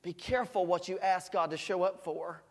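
A preacher giving a sermon with playful, joking storytelling, swinging between loud shouts and quiet asides. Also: medium pitch, fairly even intonation, moderate pace, long reverb tail.

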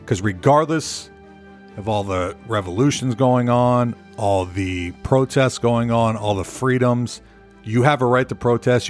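A man hosting his own podcast, rambling casually and cursing, often repeating himself as he goes. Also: mid-range voice. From United States. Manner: rambling, profane, repeats words. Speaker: podcast host.

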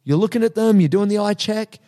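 Animated man telling a story. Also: high voice, a little fast. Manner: animated storyteller, acts out his own reactions. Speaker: podcast co-host and jiu-jitsu coach. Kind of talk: casual podcast chat.

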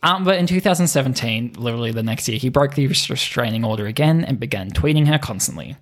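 A man's voice: medium pitch, expressive, fast talker. A man co-hosting a podcast, telling stories in casual chat with lots of laughing and swearing. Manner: giggly, swears often. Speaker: podcast co-host.

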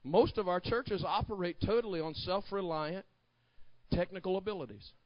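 Male pastor, high-pitched and dramatic, preaching a sermon with shouted peaks and quiet story passages, dry lo-fi recording. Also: normal speed, dry recording. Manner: preaching with shouted climaxes, then hushed storytelling.

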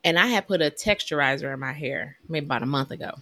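A woman, chatting casually as a podcast co-host and telling animated stories. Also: deep voice, fast talker, dry recording. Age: 30s. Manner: chatty and animated, with lively storytelling. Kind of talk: casual chat.

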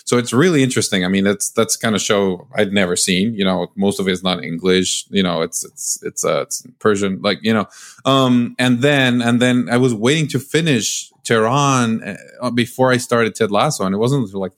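A man speaking as a podcast guest in casual chat, halting with frequent restarts and fillers. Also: on the low side.

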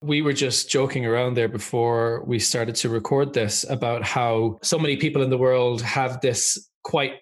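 A man's voice: medium pitch, steady tone, normal speed, hardly any pauses. A man hosting a podcast, reading a guest introduction and then chatting with enthusiasm. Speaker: podcast host. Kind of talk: scripted introduction and casual interview. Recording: music playing behind the voice. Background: music.

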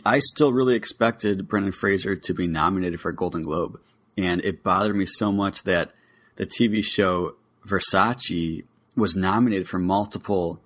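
A young adult man co-hosts a casual podcast chat, speaking with eager, opinionated enthusiasm. His voice is low-pitched with a fairly bright tone.

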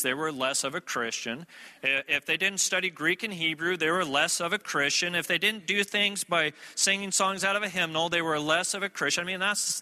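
A man preaches to a church audience in a loose, storytelling way, turning often to his listeners with asides. His voice sits fairly high and sounds sharp and tense. The sound rings on in the long reverb of a large hall. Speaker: traveling preacher. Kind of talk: sermon.

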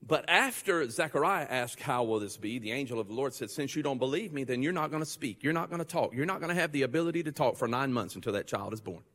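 A male pastor preaching a sermon, joking and conversational, then building to loud, fervent passages. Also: medium pitch, lively intonation, quick pace, hardly any pauses, long reverb tail.

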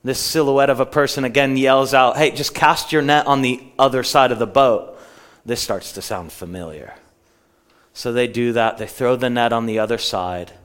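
A middle-aged man preaching a sermon in a church, retelling a story with quotes and slowing down for emphasis. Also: mid-range voice. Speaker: pastor.

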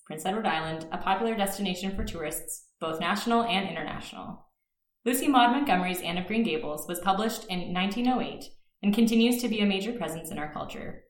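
A woman's voice: mid-range voice, roomy sound. A Canadian woman hosting a podcast, chatting casually and reading an enthusiastic scripted intro. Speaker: podcast host.

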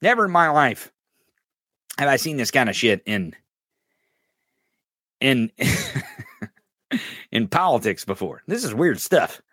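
A man's voice: mid-range voice, sing-song, slow, long pauses, sharp tone, no room sound, studio quality. A man hosting a podcast, ranting in mocking, profane political commentary and calling out a listener in the chat. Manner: mocking, profane, addresses a chatter directly. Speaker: podcast host.

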